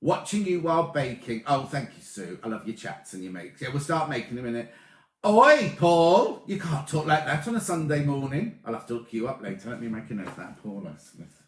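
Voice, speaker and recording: A man in his late thirties hosting a casual sewing livestream, chatting excitably and greeting viewers by name as he reads their comments. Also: medium pitch, quick pace, few pauses. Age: 30s. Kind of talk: casual live-stream chat reading comments. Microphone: tablet or camera mic. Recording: echoey room.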